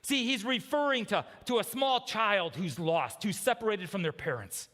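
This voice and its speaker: A man delivers a sermon with a high voice that swings widely in pitch. He talks to the congregation in a loose, conversational way and keeps tossing in quick checks like "okay?" and "right?". His voice carries a long, trailing church reverb. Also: lively intonation, fairly bright tone. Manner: conversational preaching with frequent "okay?" and "right?" asides. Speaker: pastor. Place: church sanctuary.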